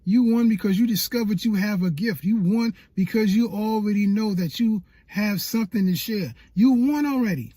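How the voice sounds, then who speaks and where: A man delivers a preacher-like pep talk to new creators, hammering his points through repetition. His voice sits high and a little husky. The sound is dry and close to the mic. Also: normal speed, hardly any pauses, mellow, no room sound. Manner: preacher-like, repetitive and emphatic, acting out inner doubts. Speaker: YouTube coach.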